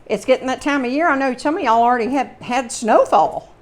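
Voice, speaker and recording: A woman's voice: high-pitched, brisk. A woman with a Southern American accent hosting a casual home cooking demonstration in her kitchen, chatting with folksy, rambling asides. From Southern United States. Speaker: home cooking channel host.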